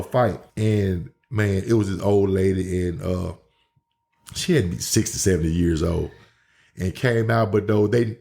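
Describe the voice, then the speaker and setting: A man's voice: lowish voice, a little mellow. A man, a pro wrestler, telling stories in casual chat with loose, rambling talk full of restarts. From Memphis, Tennessee, USA. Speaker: pro wrestler, guest host.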